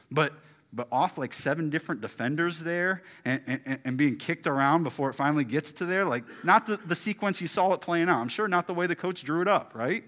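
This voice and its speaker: A man preaching a sermon in a conversational way, full of rhetorical questions and restarts, moving between loud bursts and soft, hushed passages. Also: high voice. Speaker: pastor.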